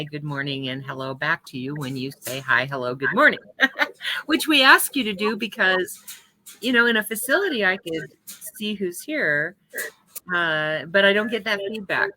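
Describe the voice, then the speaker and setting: A woman, the senior minister of a spiritual center, welcoming people and introducing her team in a chatty way with frequent laughs. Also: lowish voice. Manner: chatty, laughs often, warm introductions with small asides. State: hiccups. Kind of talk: welcoming church announcements.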